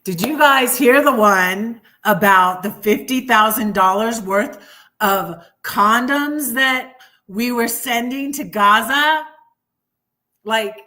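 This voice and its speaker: A woman's voice: on the high side, bright, forceful tone. A middle-aged woman hosting a live stream, rambling and sarcastic, getting heated about politics. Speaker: livestream host. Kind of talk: casual political rant.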